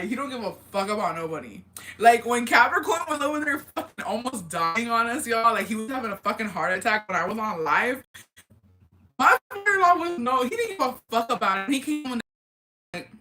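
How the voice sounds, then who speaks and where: A young woman vlogger with a medium-pitched, sharp-toned voice chats casually, telling family stories full of swearing and laughter.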